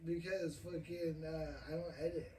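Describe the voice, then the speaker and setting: A young man hosts a loose, casual podcast, rambling through a story with plenty of swearing and frequent laughter. His voice sits a little high for a man. He sounds set back from the mic in an echoey room, with faint noise underneath. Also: level tone, normal speed, far from the mic. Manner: rambling, profane, laughs often. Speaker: podcast host.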